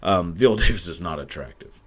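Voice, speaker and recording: A young man with a low, deep voice rants crude, profane commentary straight into his camera. His pitch swings widely as he rambles, swears and laughs. The delivery is loose and unscripted. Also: animated, a little fast, slightly rough. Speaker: video commentator. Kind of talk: crude comedic rant. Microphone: camera mic.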